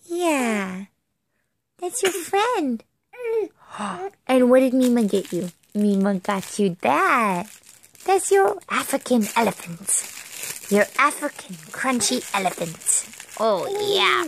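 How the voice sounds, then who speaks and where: Young woman, mother, baby talk, high swooping voice, slow unhurried cooing. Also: sing-song. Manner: sing-song, playfully amazed, cooing.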